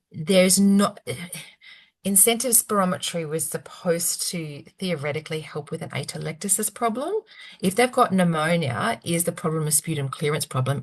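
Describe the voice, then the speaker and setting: A middle-aged woman, speaking frankly and with animation as an expert guest on a video call. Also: on the low side. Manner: frank, animated, self-deprecating asides. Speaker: physiotherapy researcher, webinar guest. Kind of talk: conversational expert Q&A.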